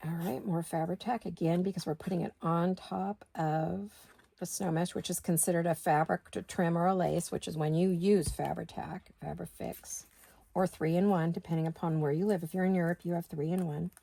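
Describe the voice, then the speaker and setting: A middle-aged woman with a slightly low, gravelly voice talks through her crafting in a relaxed, chatty way. She thinks aloud as she goes, questioning herself and then moving on. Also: normal speed, no echo. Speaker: craft video host. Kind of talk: casual craft-along chat.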